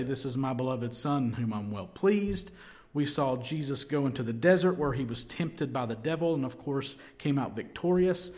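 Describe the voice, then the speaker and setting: A man preaching a sermon, retelling scripture with lively storytelling and acted-out quotes. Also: medium pitch. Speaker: pastor.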